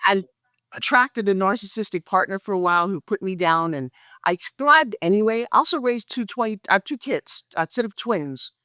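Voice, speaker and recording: A middle-aged woman, a guest in an interview, telling her story with animated energy and acting out quoted dialogue. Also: moderate pace, dry recording, studio quality. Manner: acts out quoted dialogue with lively pitch jumps. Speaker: guest, pitch expert and speaker.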